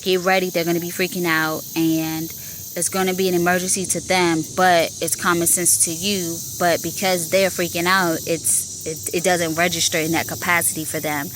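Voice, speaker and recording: A woman's voice: lowish voice, flat delivery, moderate pace, a bit bright, slight background noise. Emphatic woman podcast host. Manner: emphatic, repeats herself, acts out callers. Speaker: podcast host and 911 telecommunicator. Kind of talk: casual monologue.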